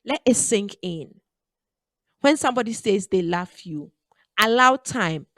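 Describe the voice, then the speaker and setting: A woman's voice: mid-range voice, expressive, measured pace, a bit bright, dry recording. A woman hosting a radio talk show, giving preachy, emphatic advice and repeating her key phrases. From Ghana.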